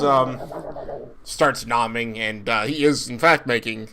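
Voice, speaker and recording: A man narrating as game master of a tabletop game in a relaxed, conversational way. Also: medium pitch, unhurried, a crowd in the background.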